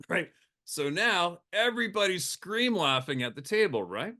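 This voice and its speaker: A man's voice: high voice, unhurried. A man working as a hunting guide tells a rowdy camp story in casual conversation, swearing freely and laughing often. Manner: profane, animated, laughing often.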